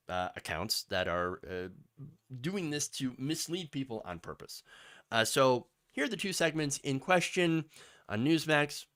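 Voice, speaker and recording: A man's voice: a little high, a bit bright. A man hosting a political commentary show, talking sarcastically over news clips with mocking asides.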